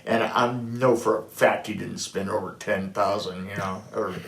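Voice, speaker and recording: A man's voice: on the low side, steady tone, moderate pace, vocal fry. A middle-aged or older man, a production designer telling stories in a casual chat, restarting often and acting out what others said. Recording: echoey room.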